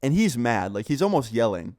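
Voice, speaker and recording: A young man casually telling a school story, animated and swearing, acting out what others said. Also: mid-range voice, fairly quick. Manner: animated, swearing, acts out quoted voices. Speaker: storyteller vlogger.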